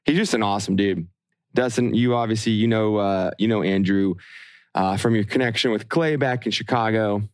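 A man's voice: fairly low pitch, moderate pace, clean tone, dry recording, clean studio sound. A man co-hosting a casual podcast chat, laid-back and hesitant, with lots of fillers. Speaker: podcast co-host.

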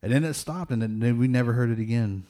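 A fast-talking man with a medium pitch and a dark tone tells ghost stories offhandedly. His telling is rambling and filler-laden, punctuated by nervous laughter at the tense points.

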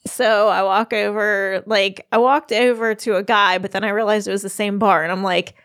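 A woman's voice: mid-range voice, steady tone, moderate pace, a bit bright, no echo, clean studio sound. A middle-aged woman telling a travel story in casual chat, giggling often as she talks. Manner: giggly, laughs often while telling stories. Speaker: podcast co-host.

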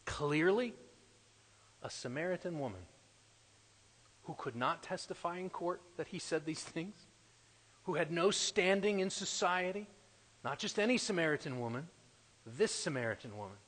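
A male preacher with a somewhat raised voice delivers a sermon in a big, echoing space. His delivery is emphatic, climbing to loud declarations and then dropping to hushed asides. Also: a little high, expressive, normal speed, pauses often.

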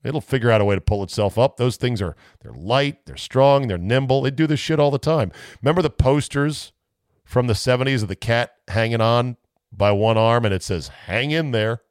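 Lively, rambling male sports talk host. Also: medium pitch, moderate pace, no room sound, studio quality. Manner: rambling, self-mocking asides. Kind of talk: casual sports talk monologue.

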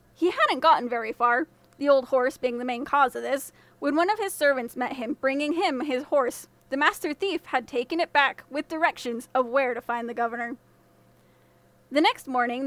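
A woman podcast storyteller reading a fairy tale in a measured, expressive way. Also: high voice, dry recording. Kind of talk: scripted fairy tale narration.

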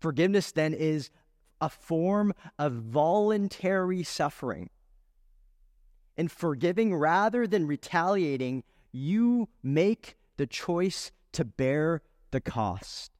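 Male pastor, sermon delivery, fairly high and dry up close with long hall reverb behind. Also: lively intonation, slow, darkish tone. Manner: earnest, rhetorical questions, builds emphasis.

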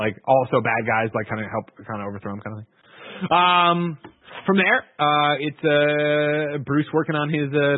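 A man hosting a podcast, recapping a film in rambling, profane, excitable casual chat. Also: medium pitch, phone-quality sound.

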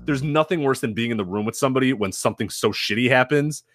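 A man co-hosting a casual wrestling podcast, animated, laughing often and swearing freely as he acts out quoted people. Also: medium pitch, fast talker, no echo. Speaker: podcast co-host.

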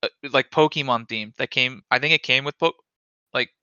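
Young male podcast co-host, crude and excitable; crisp tone, dry lo-fi sound. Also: mid-range voice, moderate pace, dry recording. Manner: crude, excitable storytelling with frequent laughter. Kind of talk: casual chat.

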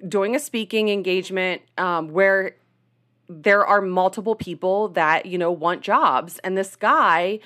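A woman's voice: mid-range voice, a little slow, a bit bright. A woman co-hosting a podcast in casual chat, telling a story conversationally and sometimes slipping into playful accents. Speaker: podcast co-host.

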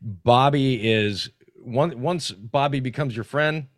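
A man guesting on a podcast, telling stories in a casual, animated, profane way with frequent restarts. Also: medium pitch, slow, no room sound, clean studio sound. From North Carolina. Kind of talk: casual storytelling.

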